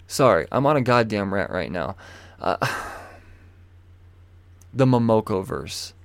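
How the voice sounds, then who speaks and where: A man talks through the week's comic book releases in a casual, unscripted way, swearing freely and working himself into blunt rants. His voice sits low with a gravelly fry. The room sound is dry and close. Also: sing-song, slow, long pauses, no room sound. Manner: blunt, profane, ranting with frequent swearing. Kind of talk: casual profane rant.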